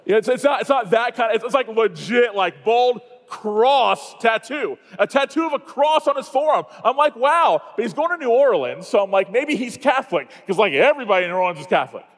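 A man from Iowa speaking at a conference, telling a self-mocking story that turns into a sermon, with quick asides and restarts. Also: very high-pitched, animated, big-room sound. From Iowa, USA.

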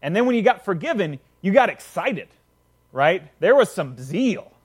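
A man's voice: sits high, very animated, normal speed, husky. A man preaching a casual sermon, retelling a parable conversationally with frequent check-ins to listeners.

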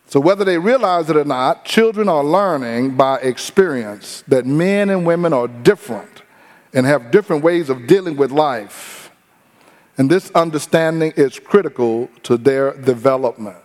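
Male pastor, animated and funny, acts out other people's voices, pitched a bit high. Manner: lively preaching with humor and mimicked voices. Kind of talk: sermon.

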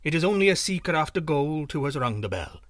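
Man doing a noble king, calm and strong, measured, slightly high voice. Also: no echo, clean studio sound. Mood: regal. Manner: calm, regal, slow.

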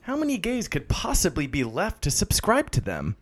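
Lively, crude-joking man co-hosting. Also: fairly high pitch, moderate pace. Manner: crude, teasing, reads segments aloud. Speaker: podcast co-host. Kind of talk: casual comedy podcast chat.

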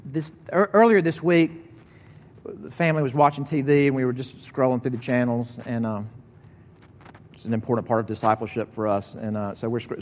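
A middle-aged man preaching a sermon, conversational and animated as he tells a story. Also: medium pitch. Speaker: pastor. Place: church sanctuary. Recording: long reverb of a large hall.

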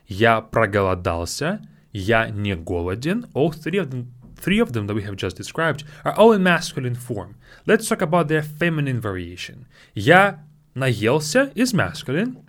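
A male teacher guides a spoken language lesson, his pitch swinging widely as he speaks. He patiently says each phrase slowly, repeats it, then breaks it down. He talks close into his own microphone.

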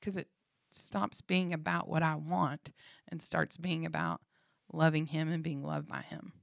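A lower-pitched woman with a heavily gravelly, fry-laden voice tells a personal faith story on a podcast. She acts out the dialogue vividly and laughs often. The sound is close and dry. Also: measured pace, no room sound. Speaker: podcast co-host.

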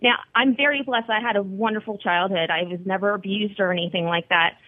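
A woman's voice: medium pitch, fairly even intonation, a little fast, dry recording. A woman being interviewed over the phone, speaking earnestly and encouragingly about her own experience. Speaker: guest, wellness site founder. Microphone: telephone. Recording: tinny phone line.

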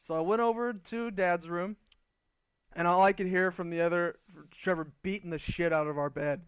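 A man casually telling stories with his brothers, animated, swearing and laughing. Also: high-pitched, normal speed, clean tone, no room sound, highs cut off. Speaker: brother in the chat. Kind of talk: casual chat.

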